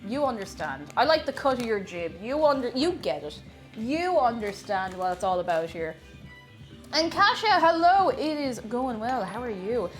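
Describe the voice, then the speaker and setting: Bubbly high-voiced woman streamer. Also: sing-song, moderate pace, soft background music. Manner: chatty, greets viewers warmly, giggly. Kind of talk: live-stream baking chat.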